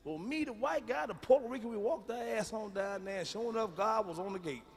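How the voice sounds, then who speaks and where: A man doing a live stand-up routine with loud, emphatic storytelling that drops to hushed asides. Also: high-pitched, brisk, slightly rough. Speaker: stand-up comedian. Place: large live venue.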